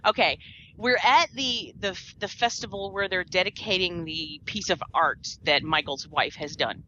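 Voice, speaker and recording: A woman's voice: lowish voice, moderate pace, bright, forceful tone, a little hiss or hum. A woman co-hosting a casual movie review podcast, chatty, laughing often and trailing off with fillers. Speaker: podcast co-host. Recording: dull lo-fi podcast audio.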